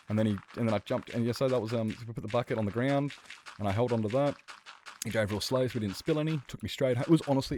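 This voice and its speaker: A man's voice: lowish voice, a little mellow, a little hiss or hum. A young man streaming a game, chatting casually and telling stories in a rambling, swearing way. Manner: rambling, profane storytelling. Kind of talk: casual chat while gaming.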